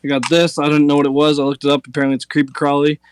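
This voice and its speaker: A man with a fairly high voice hosts a podcast, speaking very fast in a totally flat tone over a faint hiss or hum. He tells stories in a loose, rambling, casual way, packing in filler words, especially "like."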